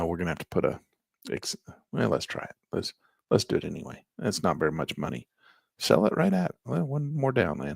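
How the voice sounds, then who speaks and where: A hoarse man who keeps clearing his throat, thinking aloud as a trading instructor while he walks through placing trades in a live session. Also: lowish voice, dry recording, clean studio sound.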